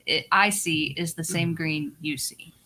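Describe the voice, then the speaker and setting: A woman's voice: low voice, unhurried, bright, forceful tone. A woman hosting a podcast, reading out listener questions and asking about the band. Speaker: podcast host.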